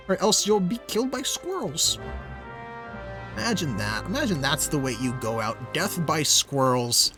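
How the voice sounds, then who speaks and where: Wry low-key male streamer. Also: sing-song, normal speed, music in the background. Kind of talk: casual gaming commentary.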